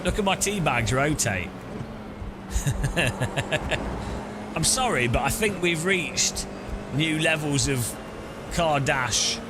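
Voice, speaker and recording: Lively joking streamer. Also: male voice, fairly high pitch, slow pace, pauses often, very noisy. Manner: joking, rambling, reading chat aloud. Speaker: sim-racing streamer. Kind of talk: casual live-stream chat.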